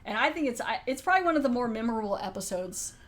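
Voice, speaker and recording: A woman's voice: on the high side, rapid-fire. Chatty woman podcast host. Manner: animated, chatty retelling of plot. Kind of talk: casual film review chat.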